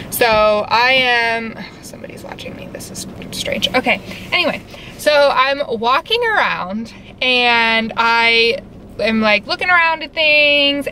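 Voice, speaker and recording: A woman's voice: on the high side, pushed and bright, rough recording. A young woman vlogging casually from inside a car, rambling with lots of fillers. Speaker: vlogger and tarantula keeper. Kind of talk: casual vlog chat. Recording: vehicle noise behind.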